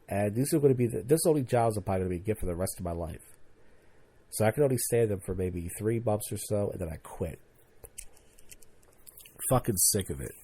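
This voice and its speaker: A man's voice: on the low side, warm tone, breathy edge. A young man hosting a podcast, ranting casually and profanely about his old job and acting out his coworkers. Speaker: podcast host. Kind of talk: casual monologue.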